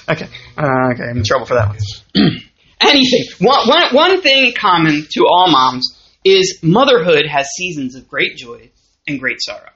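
A woman's voice: low-pitched, normal speed. A woman with a Southern US accent giving a conversational sermon, often asking her listeners questions. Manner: lively, conversational, asks the audience questions. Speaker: teacher of a church class. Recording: muffled lo-fi recording.

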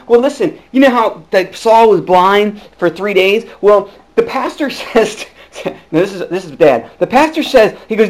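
A male pastor preaching a sermon, telling his own calling story with lively swings between hushed and loud delivery and frequent restarts. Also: sits high, normal speed. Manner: frequent restarts and repeated words. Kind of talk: sermon with personal testimony.

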